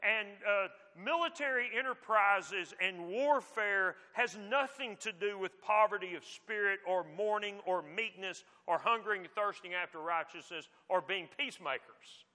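A man's voice: high-pitched, normal speed, hardly any pauses, bright, forceful tone. A man preaching a sermon in a conversational, emphatic teaching manner. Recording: long hall reverb.

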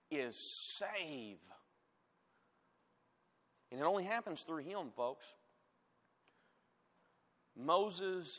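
A man preaching in a church sanctuary, his slightly raised voice swelling as he reads scripture and falling to quiet, direct asides. The sound rings with a long hall reverb. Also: a little high. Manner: emphatic preaching, rising loud on scripture, dropping to quiet asides. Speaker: pastor. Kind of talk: sermon.

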